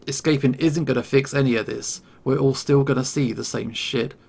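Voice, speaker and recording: A man voicing a gruff, volatile male bear man who is desperate, crude and menacing, rising to a high-pitched screech when angry. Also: steady tone, normal speed, a little mellow.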